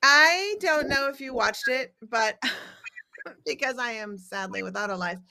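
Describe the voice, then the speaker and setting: A middle-aged woman hosts a comedic talk show, telling stories in a wry, irreverent, profane way during casual comedic chat. Her voice is a little high and unhurried, with vocal fry and a bright, forceful tone.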